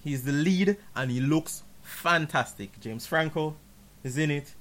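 A man's voice: a little high, a little slow, a bit bright. A man co-hosting a casual movie podcast, rambling and joking with friends and breaking into mock outrage. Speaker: podcast co-host reviewing a film.

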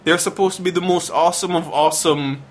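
A man's voice: a little high, steady tone, fast. A man co-hosting a casual film review podcast, laughing often and speaking emphatically. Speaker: podcast co-host.

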